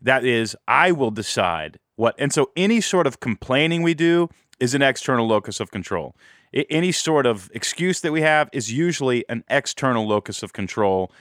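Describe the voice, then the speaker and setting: A man hosts an interview, asking energetic questions and explaining ideas at length. His voice sits in a middle range. The sound is dry and close. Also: mid-range voice, normal speed, no echo. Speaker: podcast host.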